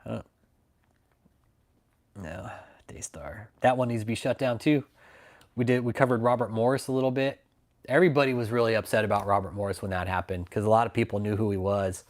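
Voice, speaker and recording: A man's voice: medium pitch, level tone, quick pace. A man from Texas, hosting a casual livestream chat, swearing constantly, mocking and laughing often. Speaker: livestream host.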